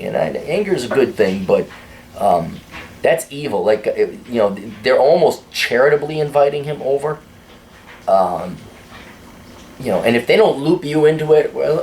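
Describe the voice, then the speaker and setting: A man's voice: mid-range voice, darkish tone. A man hosting a casual opinion monologue in a blunt, crude and sardonic way. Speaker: host.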